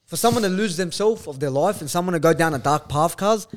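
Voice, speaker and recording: A man's voice: a little high, lively intonation, quick pace, a little hiss or hum. A man, a podcast guest telling a story bluntly, with lots of swearing and slang. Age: 20s. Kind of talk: casual chat.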